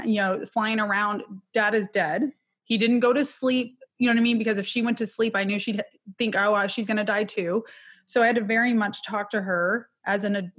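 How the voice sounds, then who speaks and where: A woman's voice: mid-range voice, breathy edge. A woman in her thirties, an interview guest telling a personal story candidly, with many fillers. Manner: candid, emotional, with many fillers and quick laughs.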